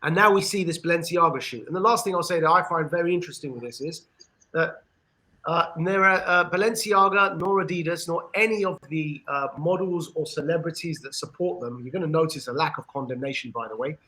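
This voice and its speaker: English man, earnest and fairly high-voiced. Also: sharp tone, low-quality recording. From England. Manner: earnest, with frequent pauses and restarts. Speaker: podcast panelist. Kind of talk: discussion monologue.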